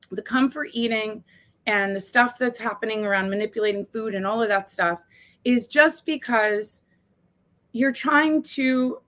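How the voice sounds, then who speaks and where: This American woman, a coach running her own live video series, speaks to viewers in a voice that sits on the high side and sounds a bit bright. She's tearful and close to crying, swearing freely as she talks candidly in a casual live-stream.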